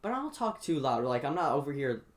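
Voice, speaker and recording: A man's voice: medium pitch, sing-song, fast talker. A teenage boy hosting a stream, telling school stories in a rambling casual chat full of fillers. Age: teens. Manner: rambling storyteller with many fillers and restarts. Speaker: streamer host.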